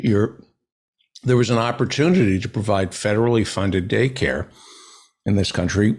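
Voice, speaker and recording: Slow husky-voiced man. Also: fairly low pitch, a little mellow. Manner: slow, earnest, eats while talking. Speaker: podcast host. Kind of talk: casual political talk.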